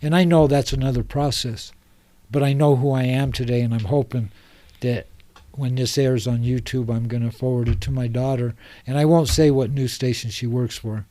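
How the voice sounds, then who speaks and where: A middle-aged man from Salt Lake City talks as a podcast guest, earnest and fired up, drifting from one thought to the next. His voice is dark and mellow, recorded close and dry with no room around it. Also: mid-range voice, steady tone, moderate pace, dry recording. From Salt Lake City, Utah. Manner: earnest, passionate, loosely rambling. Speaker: guest, homeless advocate. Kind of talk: casual podcast conversation. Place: podcast studio.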